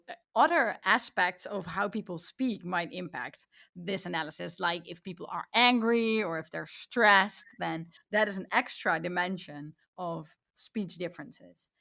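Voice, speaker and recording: Woman with a creaky voice. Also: mid-range voice, pushed and bright. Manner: curious, asks layered questions with self-corrections. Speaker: podcast host, interviewer. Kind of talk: casual interview talk.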